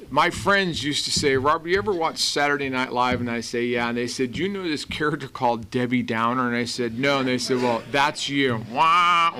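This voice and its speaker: A man from Los Angeles giving a personal recovery testimony, telling his story in an earnest, animated way and acting out the voices of people he quotes. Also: medium pitch. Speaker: recovery meeting speaker.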